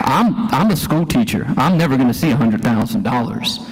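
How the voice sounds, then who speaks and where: Speaking briskly to a live crowd in a church hall, the teacher from Louisiana keeps up his folksy, impassioned town hall address, piling on rhetorical questions. His mid-range voice moves with lively intonation over a noisy background, and the live stream has an echoey hall sound.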